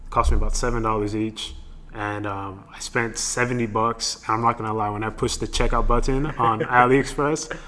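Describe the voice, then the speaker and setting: A young man, a podcast guest, telling his story in a relaxed, easygoing way. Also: fairly low pitch, normal speed. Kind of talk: casual storytelling chat.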